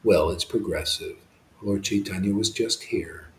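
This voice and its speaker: A man's voice: deep voice, measured pace, roomy sound, a little hiss or hum, rough recording. A man giving an informal devotional satsang talk, rambling and impassioned, with frequent restarts and asides. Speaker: devotional speaker.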